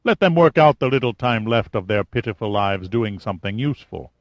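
A man voicing a pompous, cold military general in an audiobook, speaking in a measured, clipped way. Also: fairly low pitch, expressive, no echo, dull audio, lightly acted. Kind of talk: audiobook character reading.

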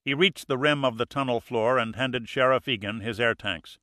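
A man narrating a thriller audiobook in a steady, measured way. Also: mid-range voice, no room sound, studio quality. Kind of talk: scripted narration.

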